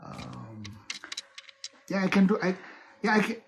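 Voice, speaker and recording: A man chatting casually, hesitant with frequent fillers and throat clearing. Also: high-pitched, very animated, measured pace, a little hiss or hum. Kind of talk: casual chat.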